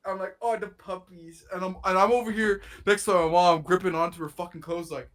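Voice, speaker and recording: A man's voice: high-pitched, flat delivery, brisk, a crowd in the background. A young man co-hosting a podcast, telling a rambling story in casual chat with lots of swearing and slang, his nose a bit stuffy. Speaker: podcast co-host.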